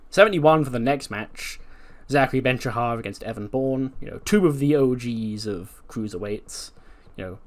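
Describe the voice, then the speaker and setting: Man, game commentary, laid-back, casual swearing, mid pitch. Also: moderate pace, hardly any pauses. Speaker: gaming video host. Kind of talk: casual let's-play commentary.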